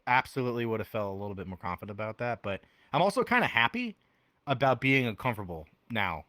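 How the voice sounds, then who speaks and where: A young man, a musician and podcast guest, chatting casually and telling animated stories, voicing other people in quotes. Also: fast talker, dry recording. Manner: animated storyteller, acts out quotes with big pitch jumps. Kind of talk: casual chat. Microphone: headphones on.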